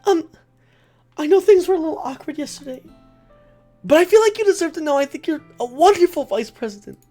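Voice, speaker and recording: A streamer voicing a high, sweet teen club president in a visual novel, earnest and caring. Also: female voice, animated, brisk, mellow, soft background music.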